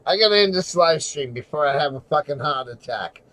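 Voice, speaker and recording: A man ranting angrily on a livestream from home at night, swearing constantly and shouting. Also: on the high side, lively intonation, a little fast, dry recording, poor audio. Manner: furious, profane, shouting. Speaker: livestreamer and auditor. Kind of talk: angry livestream rant.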